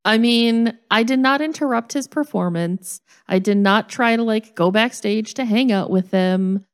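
A woman co-hosting a podcast, telling a lively, self-mocking story in a casual chat. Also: fairly high pitch, unhurried, clear, resonant tone.

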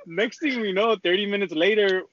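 A man's voice: high-pitched, normal speed, fairly bright tone. A young man telling a rambling, slang-heavy story in casual chat, with lots of swearing. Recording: dull lo-fi dry recording.

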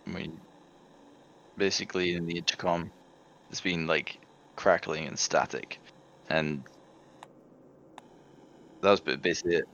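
Man, low voice, tabletop game player, questioning, casual chat, muffled lo-fi mic. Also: fairly even intonation, a little slow, creaky, pauses often, a bit bright, a little hiss or hum. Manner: puzzled, asks many questions.

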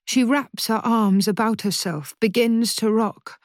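Slow, measured woman narrating. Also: fairly high pitch, no echo, clean studio sound. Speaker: audiobook narrator. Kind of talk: scripted narration.

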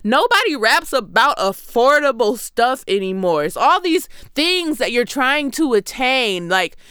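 A woman's voice: medium pitch, fairly bright tone, clean tone, no echo, studio quality. A woman in her twenties from Michigan, giving a sarcastic, conversational comedy monologue. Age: 20s. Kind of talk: comedic monologue about song lyrics.

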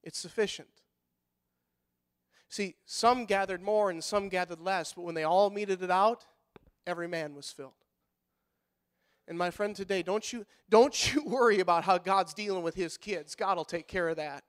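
A middle-aged pastor preaching a sermon in a folksy manner, rising to loud fervent passages and dropping to quiet, soft-spoken stretches. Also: male voice, high voice, normal speed, clear, resonant tone. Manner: folksy, repeats words when fired up.

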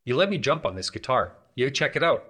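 A man's voice: medium pitch, very animated, brisk, fairly bright tone, breathy edge, voice pushed up. A man voicing a boastful, swaggering male guitar player who talks in brash slang and spins silly bragging tales.

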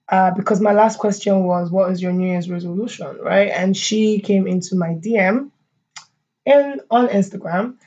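A woman's voice: mid-range voice, a little mellow. Woman, podcast host, casual chat, frequent laughter, fillers and asides, muffled lo-fi recording. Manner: chatty, laughs often, many fillers and asides.

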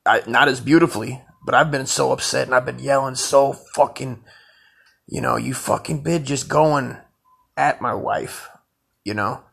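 A man's voice: medium pitch, measured pace, vocal fry, slightly rough. A man hosting a stream, reacting to a clip with loose, profane commentary. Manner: loose, profane, animated, laughing asides.

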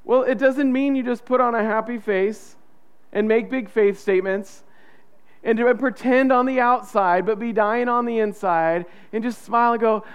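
A man's voice: extremely high pitch, normal speed, smooth. A man preaching a sermon as pastor, in a conversational way, acting out the inner voices of the people he describes.

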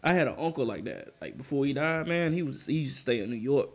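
A young man in casual chat, an animated storyteller who laughs often. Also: medium pitch, fast talker.

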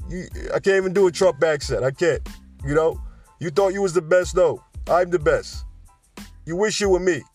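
A man doing a swaggering middle-aged loudmouth who brags and mocks in short jabbing taunts, pitched well up from a plain male voice. The voice is pushy and full of itself. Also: normal speed, distant mic, soft background music, lightly acted. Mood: taunting. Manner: mocking, bragging, jabbing taunts.

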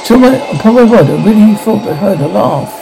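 A jittery, grumbling fellow, read by a man in a gravelly, mellow tone. It is a storybook read aloud. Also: high-pitched, animated, brisk, faint music behind, a faint crowd, pitched above the performer's own voice, poor audio. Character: jittery, grumbling male companion.

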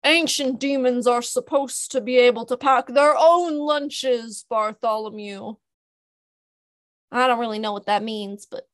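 A woman's voice: a little high, a little slow, no echo, studio quality, natural voice. A woman voicing an annoying, lonely young male imp demon with a Southern accent and a whiny, childish manner. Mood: indignant.

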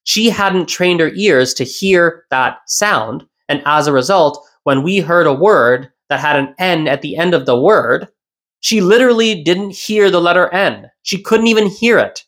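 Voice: mid-range voice, a little slow, fairly bright tone. Podcast language teacher explaining patiently. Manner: explanatory, repeats key points, asks rhetorical questions. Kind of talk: solo educational podcast.

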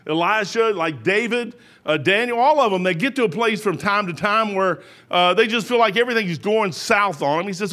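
A man's voice: high voice, brisk, few pauses, a bit bright. A man preaching a sermon in a folksy, rambling way, full of restarts.

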